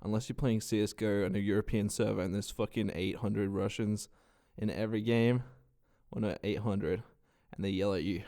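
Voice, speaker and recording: Young Australian man, casual vlogger, stuffed-up nose, slightly low voice, loose and profane delivery. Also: normal speed. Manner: swears a lot, rambling and animated. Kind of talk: casual storytelling vlog.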